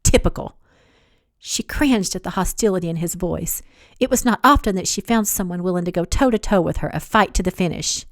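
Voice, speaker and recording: A woman, the author, reading her own romance novel aloud in an expressive, dramatic storytelling style. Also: on the low side, fairly quick, dry recording, clean studio sound. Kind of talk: audiobook narration.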